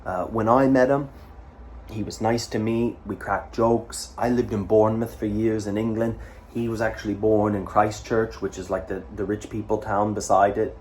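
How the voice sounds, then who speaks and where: A man's voice: fairly low pitch, flat delivery, moderate pace, a little mellow, slight background noise. A man from Canada telling a war story in a casual, rambling way, with swearing and frequent fillers. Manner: rambling, profane, full of fillers and asides. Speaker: vlogger.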